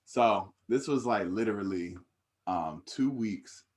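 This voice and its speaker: Young male podcast co-host, low voice, laid-back storyteller who laughs as he gets riled up. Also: slow pace. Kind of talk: casual storytelling.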